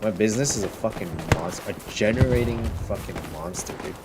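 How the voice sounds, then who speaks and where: A man's voice: lowish voice, fairly quick, background noise. A man boasting and swearing in casual commentary over a shooter game, brash and bragging. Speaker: gaming streamer. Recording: loud game gunfire behind voice. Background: loud gunfire and artillery from the game.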